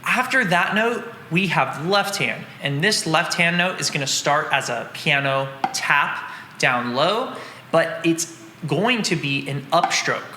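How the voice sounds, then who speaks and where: A man's voice: fairly high pitch, expressive, slow, sharp tone, roomy sound, long reverb tail, a little hiss or hum. A man teaching drums, patiently explaining and counting out strokes in an instructional lesson. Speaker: drum teacher.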